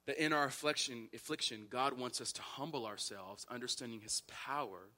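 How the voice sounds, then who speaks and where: A man's voice: medium pitch, normal speed, bright, forceful tone. A man preaching a sermon as pastor, repeating phrases and building to impassioned emphasis.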